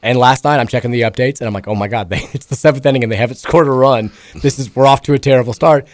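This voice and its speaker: A male sports radio host with a hoarse, raspy voice that cracks, telling rambling self-deprecating stories in casual chat. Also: medium pitch, racing. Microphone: studio mic.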